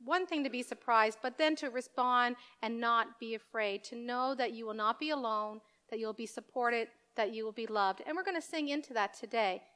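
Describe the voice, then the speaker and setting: A woman pastor gives a children's sermon in a high voice. She tells the story with animation and slips into little voices for the characters. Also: normal speed, hardly any pauses, pushed and bright, smooth.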